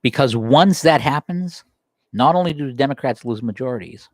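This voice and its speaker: A man hosting a political livestream, delivering a heated, emphatic monologue that climbs in pitch as he gets worked up. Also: lively intonation, moderate pace, no room sound, clean studio sound. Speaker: political talk show host. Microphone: livestream desk microphone.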